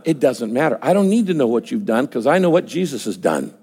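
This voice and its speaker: A man's voice: medium pitch, very animated, fast talker, a little mellow, husky. A man preaching a sermon, emphatic and conversational, often acting out his listeners' imagined words. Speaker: pastor. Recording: long hall reverb.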